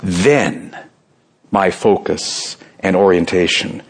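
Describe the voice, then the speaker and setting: A middle-aged pastor preaching to his church in a husky, slightly breathy voice. He talks earnestly, climbing high and emphatic on key points, then sinking quiet and low when he voices a prayer. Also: slow pace. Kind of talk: sermon.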